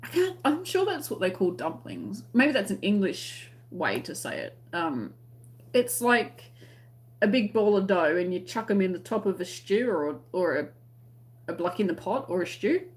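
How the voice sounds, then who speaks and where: A woman with an Australian accent chats casually on a crochet live stream and reads out viewers' comments as they arrive. Her voice sits at a middle pitch, and she keeps the talk friendly and light, laughing often between remarks. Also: very animated, normal speed. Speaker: crochet channel host.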